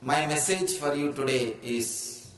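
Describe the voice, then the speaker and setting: A man's voice: on the high side, unhurried. A man with an Indian English accent giving a spiritual discourse, speaking in emphatic, declarative statements. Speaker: spiritual teacher. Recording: echoey room with faint ambience.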